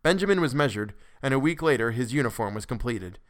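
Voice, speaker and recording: A man narrating a classic story for a podcast in a measured way, with occasional restarts. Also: medium pitch, lively intonation.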